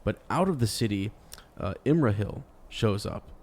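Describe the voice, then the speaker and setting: A man co-hosting a podcast, chatting casually about a book, halting with many restarts. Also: lowish voice, animated, darkish tone, slight background noise. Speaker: podcast co-host. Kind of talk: casual book discussion chat.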